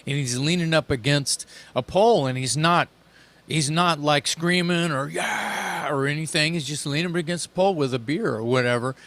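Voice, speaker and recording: A man's voice: fairly high pitch, fairly bright tone. Rambling male podcast host. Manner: rambling, halting. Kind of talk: casual chat.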